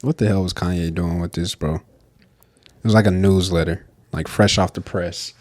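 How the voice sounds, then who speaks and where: Joking man with a deep voice, dry sound. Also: steady tone, darkish tone, dry recording. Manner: slangy, joking, quick agreeing replies. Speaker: podcast co-host. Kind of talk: casual chat.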